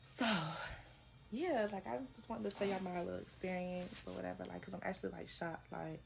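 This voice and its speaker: Young woman, low gravelly voice, blunt and offhand, casual profane storytime to camera. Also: fairly even intonation, brisk, very noisy. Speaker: club dancer sharing her experience.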